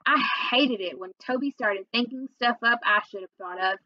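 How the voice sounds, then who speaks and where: Woman reader, expressive first-person storytelling, slightly high voice, muffled dry recording. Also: normal speed, hardly any pauses, no room sound. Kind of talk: reading a children's novel aloud.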